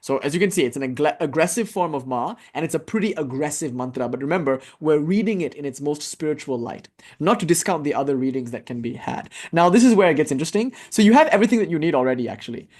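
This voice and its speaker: A man's voice: fairly high pitch, expressive, fast, a little mellow. A man teaching a class on ritual worship, explaining texts in an earnest, casual manner with frequent fillers. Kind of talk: spiritual class lecture.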